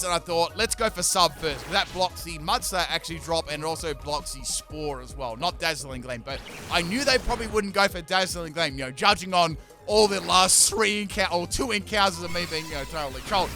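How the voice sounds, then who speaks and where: Faint music plays behind this casual game voice-over, where a young gaming-channel host jokes and chats through his battles, poking fun at himself. He speaks briskly with few pauses, in a bright, forceful voice on the high side.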